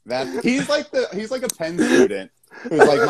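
Philly comic dude riffing and cracking up, voice jumps all over, big noisy crowd behind him. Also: male voice, very high-pitched, very animated, moderate pace, vocal fry. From Philadelphia. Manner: riffing, slips into joking character voices, laughs often. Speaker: comedian guest. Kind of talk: casual comedic chat. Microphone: livestream call.

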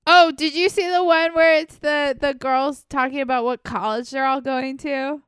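A woman's voice: high-pitched, moderate pace, dry recording, clean studio sound. A woman from Florida hosting a podcast, chatting casually and giggling often as she tells stories. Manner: giggly, animated storytelling. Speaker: podcast host. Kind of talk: casual chat.

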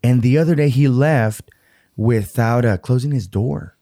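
A man's voice: medium pitch, a little slow, mellow. A man co-hosting a casual podcast, joking and swearing freely, with a slight lisp from fake vampire teeth. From Amarillo, Texas. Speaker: podcast co-host. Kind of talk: casual chat.

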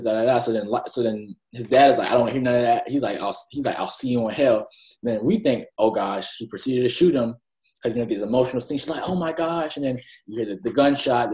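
Recapping an anime in a loose podcast chat, a male co-host wanders through scenes and performs characters' dialogue. His voice sits on the low side and sounds a little mellow, captured in an echoey room.

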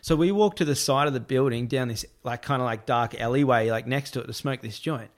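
A man casually telling a long anecdote on a podcast. He laughs often and acts out the other people in a higher voice, with many "I'm like" asides. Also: fairly quick.

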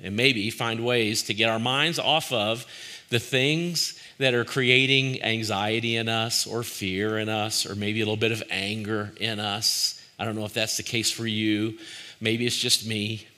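A man with a lowish voice and a bright, forceful edge gives a reflective devotional talk. He speaks conversationally and searchingly, circling back on his own phrases and turning to the listener with direct questions. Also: steady tone, a little slow. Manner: conversational and searching, with frequent restarts.

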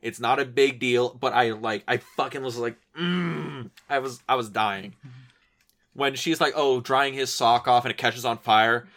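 A man's voice: mid-range voice, a little slow, fairly bright tone. A man hosting a film podcast, chatting loosely, swearing freely and acting out scenes with playful impressions. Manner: casual and profane, retelling scenes with playful impressions. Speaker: podcast host. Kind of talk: casual film podcast chat.

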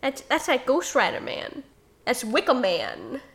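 A woman's voice: high voice, huge pitch swings, unhurried, a bit bright. A woman hosting a casual podcast, bantering, laughing often and swearing freely. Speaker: podcast host.

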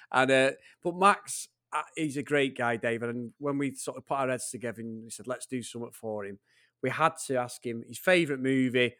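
A man's voice: mid-range voice, a bit bright, no echo, clean studio sound. A man co-hosting a casual movie podcast, joking and swearing with a laugh. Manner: jokey, swearing, laughs often. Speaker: podcast co-host. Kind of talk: casual chat.

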